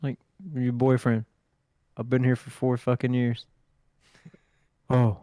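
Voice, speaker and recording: Taking it slowly, a young man with a mid-range voice co-hosts a podcast and casually tells funny stories. He's animated, acts out what people said, and swears freely. The sound is studio quality without echo.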